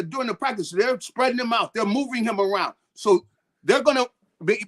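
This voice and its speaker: A man's voice: high-pitched, a bit bright. A man talking football as a guest on a sports show, in a rambling way with lots of repeated words and restarts. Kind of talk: sports talk interview.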